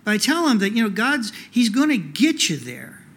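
A man with a high voice preaching a sermon from the pulpit. He talks conversationally, with plenty of "you know" fillers. He keeps asking his listeners rhetorical questions. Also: very animated, moderate pace, fairly bright tone. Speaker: pastor.

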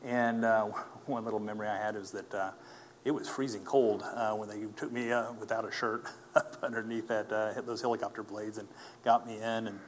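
A man telling a personal faith testimony as a story, earnest and animated, acting out the people he quotes. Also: on the low side, moderate pace, a little hiss or hum. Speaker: speaker giving a personal testimony.

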